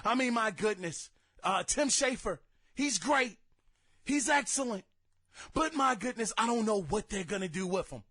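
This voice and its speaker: High, bright-voiced man ranting slowly. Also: expressive. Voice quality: exasperated, theatrical rants with shouted outbursts. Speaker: podcast host. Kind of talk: casual gaming commentary.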